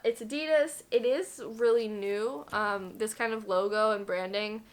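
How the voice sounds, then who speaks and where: A woman's voice: mid-range voice, steady tone, unhurried. A woman in her twenties talking casually through an unboxing review, chatty and self-deprecating, with lots of fillers. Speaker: thrift vlogger.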